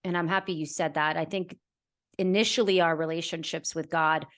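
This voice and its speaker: A woman's voice: sits low, steady tone, fairly quick. Earnest woman hosting a reflective podcast. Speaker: podcast host. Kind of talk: heartfelt conversational podcast chat.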